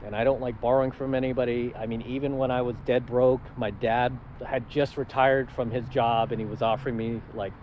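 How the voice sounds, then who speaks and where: A man's voice: mid-range voice, little pitch movement, a little fast, hardly any pauses, lo-fi sound. A confident man in a casual vlog, speaking in a middling voice with a laid-back, matter-of-fact ease. He talks straight to the camera as he tells a personal story. Faint outdoor traffic hums behind him. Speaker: channel host.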